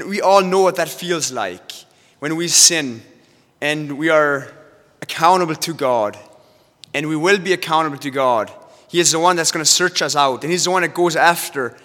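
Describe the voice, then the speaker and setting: Male preacher, earnest, forceful tone, slightly high voice, long hall reverb. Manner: earnest, repetitive, restarts often. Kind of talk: sermon reading scripture.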